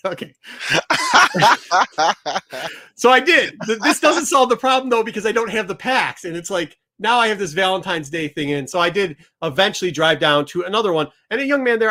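A man's voice: sits high, bright, forceful tone. A middle-aged man hosting a show, telling a story and acting out both sides of the exchange. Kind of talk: storytelling to a studio crew.

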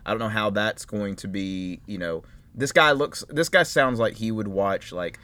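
A man's voice: lowish voice, moderate pace, pushed and bright. A man co-hosting a casual chat, easygoing and rambling, with lots of hedges. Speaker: podcast co-host.

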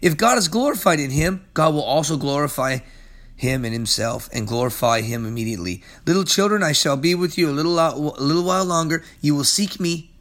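A man in his forties, a pastor preaching and praying in earnest, emphatic bursts that drop to soft prayer. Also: fairly high pitch, lively intonation, brisk. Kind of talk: sermon and closing prayer. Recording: loud guitar music behind.

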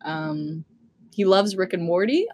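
A woman's voice: on the low side, expressive, a little slow, darkish tone, slight background noise. A young woman co-hosting a podcast, chatting casually with friends, rambling and giggling and cutting herself off. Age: young adult. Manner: giggly, rambling, self-interrupting. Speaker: podcast co-host. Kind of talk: casual chat.

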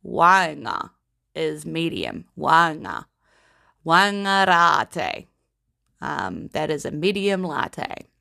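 A woman giving a casual vocabulary lesson in a playful, giggly, unhurried way. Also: deep voice, very animated, gravelly, pushed and bright, no echo, studio quality. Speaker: language teacher.

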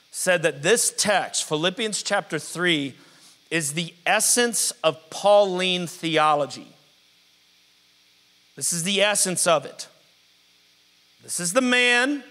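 High-voiced pastor in a reverberant hall. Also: male voice. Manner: energetic, drawn-out emphasis on scripture. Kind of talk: sermon with congregation call-and-response. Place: church sanctuary. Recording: live sermon in a reverberant hall.

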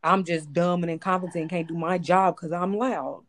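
A woman's voice: lowish voice, steady tone, moderate pace. A woman in a casual podcast chat, frank and emphatic, speaking in loose slang. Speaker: podcast co-host.

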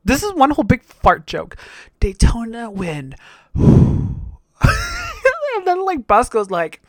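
A woman hosting a casual recap of a TV episode, talking bluntly and campily, swearing often and getting loud when excited. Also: mid-range voice, unhurried, no echo, clean studio sound. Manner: blunt, campy, swears a lot. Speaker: show recap host. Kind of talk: casual profane TV recap commentary.

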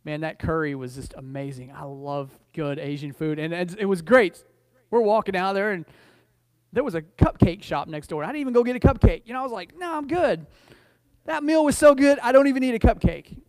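High-voiced, dry-sounding man preaching. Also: brisk, a little mellow, no room sound. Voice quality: frequent restarts and repeated words. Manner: conversational, storytelling preacher who rises to emphatic declarations. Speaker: pastor. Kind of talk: sermon.

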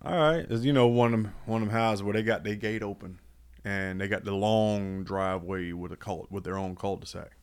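Man, low voice, laid-back storyteller, slangy podcast chat. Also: steady tone, a little fast, smooth. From United States. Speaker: podcast co-host. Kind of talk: casual chat.

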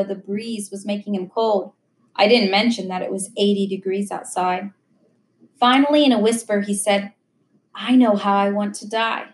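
A woman reading a memoir aloud at a slow, measured pace. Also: on the high side, a little hiss or hum. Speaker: audiobook reader. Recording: echoey room.

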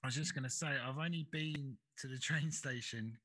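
A man's voice: medium pitch, normal speed, a bit bright, rough recording. A man hosting a podcast in casual chat, speaking in a laid-back way and often asking "do you know what I mean?". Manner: laid-back, chatty, asks for agreement. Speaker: podcast host.

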